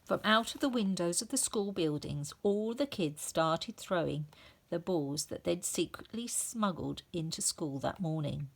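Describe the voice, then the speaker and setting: A woman teacher reading a children's story aloud, expressive and sounding out the effects. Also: on the low side, unhurried, creaky.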